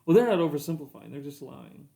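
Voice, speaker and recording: A man co-hosting a podcast in casual chat, making dry, wry remarks with halting fillers. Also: on the high side, big pitch swings, gravelly, dark tone. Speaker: podcast co-host.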